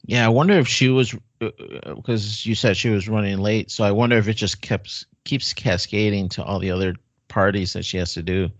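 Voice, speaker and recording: A man's voice: on the low side, steady tone, brisk, few pauses, no echo, muffled recording. A man co-hosting a podcast in casual chat, asking easygoing follow-up questions. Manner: asks follow-up questions in an easy, chatty way. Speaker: podcast co-host.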